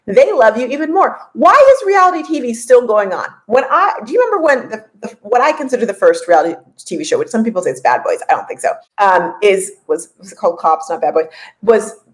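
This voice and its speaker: A woman in her forties hosting a casual podcast and coaching listeners, chatty and lively, often laughing and repeating points for emphasis. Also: a little high, a little fast, poor audio. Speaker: podcast host and business coach.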